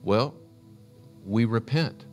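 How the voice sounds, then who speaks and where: A man's voice: medium pitch, very slow, darkish tone. A man preaching a sermon, retelling a scripture story in an earnest, storytelling way. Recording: faint music underneath.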